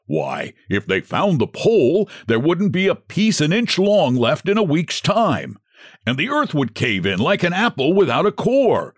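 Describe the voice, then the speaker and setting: A jolly, bustling Santa Claus, put on by a man reading aloud talks in a hearty, brisk way. He is kind but in a hurry, and his voice is lively and lifted. The sound is dry and close. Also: on the high side, no echo, pitched above the performer's own voice, heavily acted.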